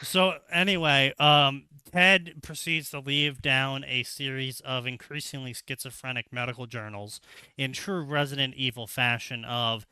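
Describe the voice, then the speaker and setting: A man with a clear, bright voice retells a game story at a slow, relaxed pace. He laughs often and slips into goofy voices for the characters. He sits close to a dry mic. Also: mid-range voice, no echo. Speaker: co-host recounting a game plot. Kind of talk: comedic casual retelling with acted quotes.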